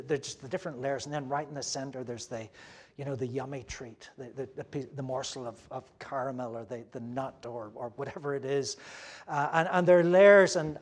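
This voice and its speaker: A man preaching a sermon to a gathered audience, earnest and emphatic, moving between loud stresses and hushed asides. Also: on the high side.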